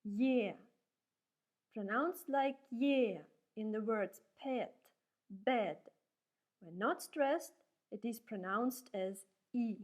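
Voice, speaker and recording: A woman teaching a language lesson, who says each example letter and word louder and often twice. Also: on the high side, slow. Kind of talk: slow, careful language lesson.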